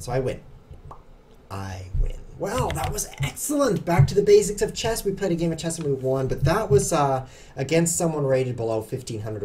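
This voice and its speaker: A young man talks through his online chess games in a lively, sing-song voice that leaps up and drops low. His tone is warm and mellow, and he keeps up a chatty, self-mocking patter with his viewers. A faint hum sits under the voice. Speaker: chess streamer. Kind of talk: casual live commentary while playing.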